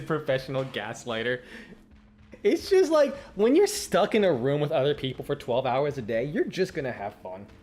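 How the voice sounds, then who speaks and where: A male streamer chats casually while gaming, rambling through stories and swearing freely. His voice sits a little high for a man. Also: very animated, moderate pace, a little mellow, soft background music. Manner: rambling, swearing, laughing storyteller.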